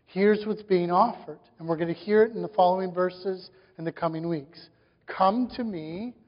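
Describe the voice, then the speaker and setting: High-voiced man preaching in a reverberant hall. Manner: preaching with rising emphasis and rhetorical questions. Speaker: pastor. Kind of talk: sermon. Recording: dull sound with long reverb in a hall.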